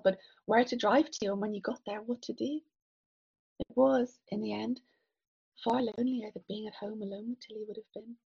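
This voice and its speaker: A woman narrating a literary story in the second person, soft and measured, at times dropping to a whisper. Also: a little high, breathy edge, highs cut off. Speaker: audiobook narrator.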